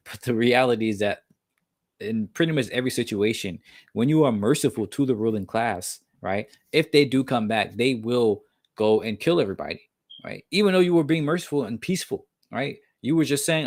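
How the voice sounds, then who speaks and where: A man with a fairly low voice reads a nonfiction book aloud for his podcast, stumbling and restarting now and then on tricky words. He regularly breaks off into loose, casual commentary full of fillers and tag questions. The recording is dry and close, with almost no room sound. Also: no room sound. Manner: stumbles and restarts on hard words while reading.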